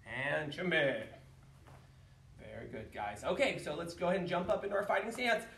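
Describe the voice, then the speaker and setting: A man teaching an online martial arts class, counting reps and giving instructions with bursts of shouted yells. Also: sits high, moderate pace, recorded from a distance, slight background noise. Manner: energetic, calls counts and shouts kiai yells. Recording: echoey room, voice away from the mic.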